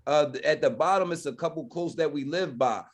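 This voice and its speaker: A man leads a community presentation with a preacher's conviction. His voice sits a little high for a man, and he drives each point home, stopping again and again to ask if the room understands. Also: fairly quick, husky. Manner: emphatic, keeps asking "you understand?". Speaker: minister presenting a community plan.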